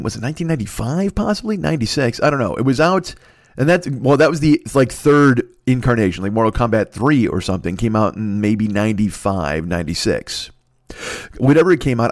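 A man's voice: medium pitch, no echo, clean studio sound. A man in his forties from the United States hosting a comedic solo podcast, rambling and swearing with self-mocking humor. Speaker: podcast host.

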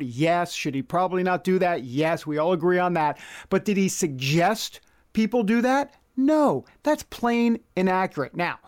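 A man hosting a casual political commentary podcast from a news studio, talking animatedly, with wry asides and pushing up his voice on words he wants to stress. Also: high-pitched. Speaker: podcast host.

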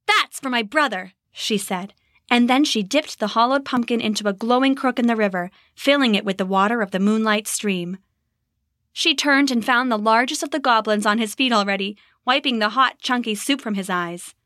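Woman reading a bedtime-style story, lively telling, bit high, dry room. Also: no echo. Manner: expressive, measured storytelling. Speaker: narrator.

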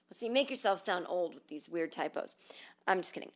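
A woman's voice: lowish voice, a little fast. A middle-aged woman hosting a solo comedy podcast from home, reading stories and listener emails with sarcastic, profane asides. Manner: profane, sarcastic, animated storytelling.

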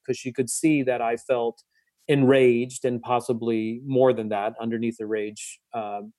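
A man, a book's author, recounting a personal story in a reflective, halting way with frequent restarts. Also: mid-range voice, little pitch movement, mellow, no room sound, studio quality. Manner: thoughtful, halting, many restarts. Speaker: author and guest.

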